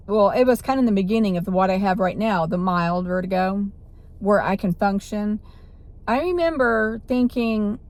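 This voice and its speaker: A woman's voice: medium pitch, a little mellow. A woman vlogger telling a personal story in a rambling way, with restarts and self-corrections.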